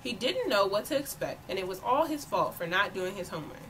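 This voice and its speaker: A woman volunteer reading a children's picture book aloud with expressive storytelling. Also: medium pitch, a little fast, a little hiss or hum, low-quality recording. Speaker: volunteer reader.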